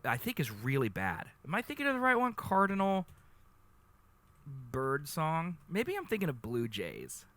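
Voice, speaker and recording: Young male streamer, excitable and gushing, very bright voice with wildly swinging pitch. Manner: excitable, gushing, laughs often. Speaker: live streamer. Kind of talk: casual livestream chat.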